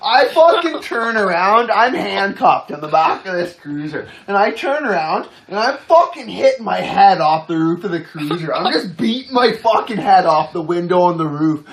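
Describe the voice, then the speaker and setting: A man's voice: high-pitched, big pitch swings, normal speed, few pauses, fairly bright tone. A man telling a story in casual talk, swearing constantly and laughing as he goes.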